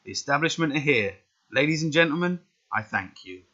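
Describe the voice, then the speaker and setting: A man's voice: on the high side, expressive, a little fast, pushed and bright, voice pushed up. A man reading out the lines of a smug, lavish male wrestling manager in his plain voice, with no accent put on. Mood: grandiose. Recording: dull lo-fi recording.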